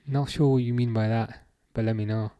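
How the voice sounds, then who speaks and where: A man's voice: medium pitch, fairly even intonation, fairly quick, dark tone, smooth, no room sound. Man hosting a chat stream. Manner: hesitant, lots of fillers and restarts. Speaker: livestream host. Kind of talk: casual chat reading viewer comments.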